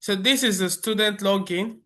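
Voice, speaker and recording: High bright-voiced man demoing software. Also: moderate pace. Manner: relaxed explaining with frequent fillers and restarts. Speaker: software tutorial presenter. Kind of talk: screen-recorded software walkthrough. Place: voice-over for a screen recording.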